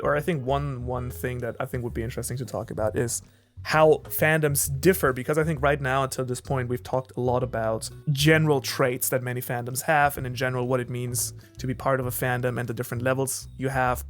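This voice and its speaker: A man co-hosting a casual podcast, explaining his points in a thoughtful, measured way. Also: mid-range voice, a bit bright, soft background music. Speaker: podcast co-host. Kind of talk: casual chat.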